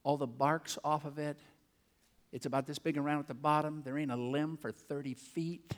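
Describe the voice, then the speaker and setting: Folksy older preacher telling a story. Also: male voice, on the high side, fairly even intonation. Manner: folksy, rambling, self-deprecating with quick asides. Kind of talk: storytelling sermon. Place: church auditorium. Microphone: handheld or headset mic.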